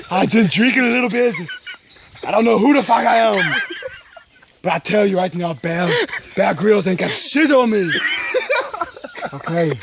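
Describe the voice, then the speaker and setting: A man's voice: high-pitched, heavily acted. A man putting on a crude, boastful action-star character on a nature walk, rambling profanely and laughing at his own jokes outdoors on a trail. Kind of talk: improvised comedy walk-and-talk. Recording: clear outdoor background noise.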